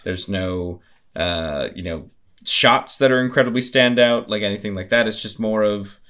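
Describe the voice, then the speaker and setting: A man's voice: on the low side, normal speed, sharp tone. A man chatting casually about a film he likes, rambling with restarts and laughing easily.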